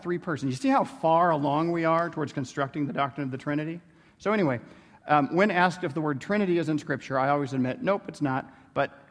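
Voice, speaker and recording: A man's voice: medium pitch, in a large hall. A man giving a theology lecture in a conversational way, tossing in "right?" and playful asides. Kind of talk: classroom lecture.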